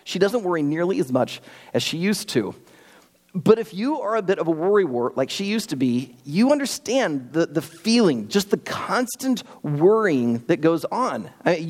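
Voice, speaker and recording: Young male pastor, lively conversational sermon, fairly high voice, church hall reverb. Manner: animated storytelling, lively and conversational. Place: church sanctuary.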